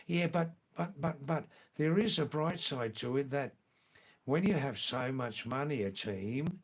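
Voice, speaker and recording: A man's voice: mid-range voice, animated, a little slow, husky. Guy chatting on his live stream, teasing viewers, keeps repeating stuff.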